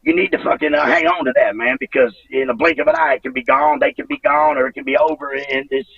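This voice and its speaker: A man in his forties, a former pro wrestler guest, talking emotionally and profanely, halting and restarting often. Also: fairly high pitch, sing-song, gravelly, breathy edge, no echo. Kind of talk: emotional interview. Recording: dull lo-fi sound from a distance.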